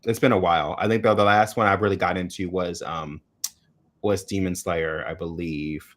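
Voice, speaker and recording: A man's voice: deep voice, steady tone, normal speed, fairly bright tone. A man co-hosting a casual chat show, hesitant and searching for words with many fillers. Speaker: co-host.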